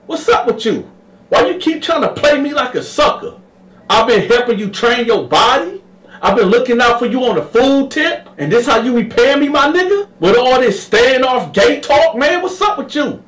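A man's voice: high-pitched, expressive, moderate pace, fairly bright tone, echoey room, far from the mic, voice pushed up. A man doing a pushy, menacing inmate. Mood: angry. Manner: insistent, confrontational, repeats "man".

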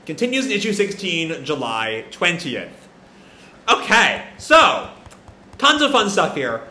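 A man's voice: fairly high pitch, wildly swooping pitch, takes it slowly, bright, forceful tone, a little hiss or hum. Guy rambling through a manga reaction, stuffy sinuses, echoey room. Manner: rambling, thinks aloud with fillers. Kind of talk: casual live reading and reaction.

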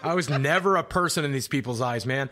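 A man's voice: medium pitch, a little fast, sharp tone. A man guesting on a podcast over a group call, talking bluntly and rambling through profane stories. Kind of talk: casual podcast chat. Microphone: call-in mic on a group voice call.

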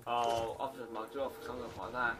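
A young man, chatting and swearing excitably while playing a zombie game with a friend. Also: medium pitch, fast, noisy background. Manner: excitable, swearing, jokey banter. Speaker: gaming commentator. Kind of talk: casual let's-play chat. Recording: game audio and gunfire behind.

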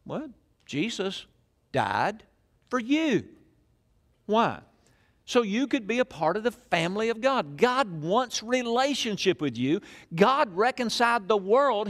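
A man's voice: high-pitched, fairly bright tone. An older man, preaching a sermon in a church in a folksy storytelling way full of questions to the crowd. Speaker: pastor.

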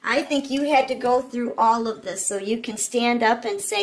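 A woman's voice: a little high, moderate pace. A woman giving a casual tarot reading, talking straight to the viewer in an earnest, repetitive way. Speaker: tarot reader.

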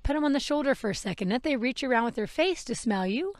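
Woman, horse trainer, casual rambling chat, fairly high voice, dry close mic. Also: animated, fast, no echo. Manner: chatty, rambling, with self-corrections and laughs. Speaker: podcast host and horse trainer. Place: outdoors with a horse. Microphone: wearable microphone.

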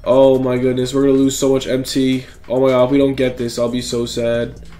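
A young man giving excited, slangy gameplay commentary, talking straight to his viewers. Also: mid-range voice, fairly quick, soft background music. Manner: hyped, slangy, talks to viewers. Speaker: gaming YouTuber.

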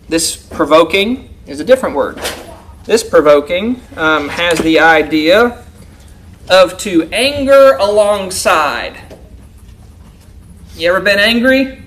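A man's voice: high voice, a bit bright. A man teaching a church Bible class, reading verses aloud and putting questions to his listeners. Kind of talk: interactive Bible lesson.

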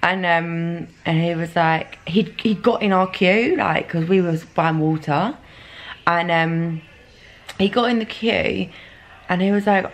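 A woman's voice: fairly low pitch, slow pace. A young woman in her twenties, chatting casually into a handheld camera for her vlog, full of fillers and casual swearing. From England. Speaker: vlogger.

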